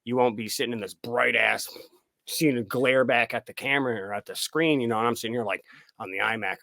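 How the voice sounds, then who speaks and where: A man's voice: medium pitch, a little fast, gravelly, pushed and bright, no room sound. A man, a film director guest, chatting casually on a podcast, swearing freely and acting out his own reactions.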